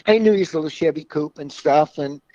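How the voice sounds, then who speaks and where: A man's voice: on the high side, normal speed, warm tone, dull audio. A man guest from a car club telling folksy stories in a casual way, often laughing at his own tales. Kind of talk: casual storytelling.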